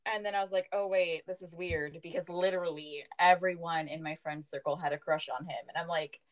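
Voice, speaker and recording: A young woman co-hosting a casual chat, telling animated stories, swearing freely and laughing often. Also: on the low side, brisk, poor audio. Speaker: podcast co-host.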